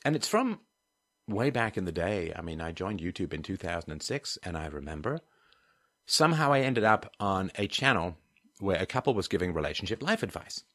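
A deep-voiced man hosts a livestream and reads viewer comments aloud. He rants in a sardonic way, dropping to low mutters and then rising to loud, emphatic bursts. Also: very animated, fairly quick. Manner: ranting, sardonic, swings between low mutters and loud outbursts. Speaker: host of a call-in and live-chat show.

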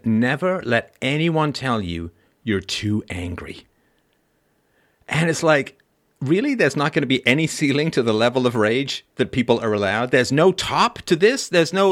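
A man hosting a podcast, talking in a lively, wordy way with frequent laughs and asides. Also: on the high side. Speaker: podcast host. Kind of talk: conversational interview.

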